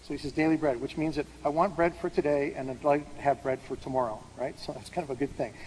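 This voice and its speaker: A male pastor preaching in a big hall, his voice carrying a long reverb tail with a faint hiss behind it. He talks conversationally, asks the congregation questions and answers them, and his pitch sits a little above average for a man. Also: steady tone, fast talker, darkish tone. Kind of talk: sermon. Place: large hall with an audience.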